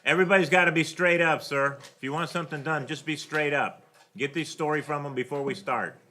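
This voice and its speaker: A man presiding as judge over bond hearings in a courtroom, briskly and formally reading out charges and bond amounts. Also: on the high side, steady tone, bright, forceful tone. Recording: noisy courtroom recording.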